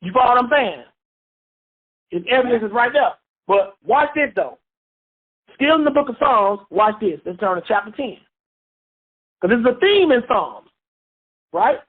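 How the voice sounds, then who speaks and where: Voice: medium pitch, animated, moderate pace, pauses often. A Bible teacher leading a call-and-response study, repeating points and asking listeners questions. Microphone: phone. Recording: phone-line radio call.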